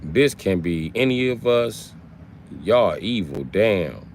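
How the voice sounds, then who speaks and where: A man's voice: animated, slow, a little hiss or hum. Trash-talking man streaming to chat. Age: late 30s. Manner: trash-talking, mocking chat users with shouted high bits. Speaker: livestreamer reading chat. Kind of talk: casual livestream chat.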